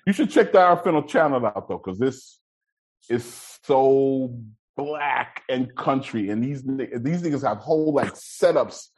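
A man's voice: mid-range voice, expressive, measured pace, a little mellow, slightly rough, low-quality recording. A man hosting a casual chat, talking loosely in slang and laughing often. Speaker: podcast host.

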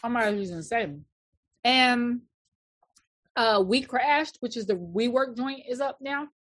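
A woman with a fairly high voice chats casually. She speaks bluntly and keeps the talk going. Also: a little slow, a bit bright. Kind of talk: casual chat.

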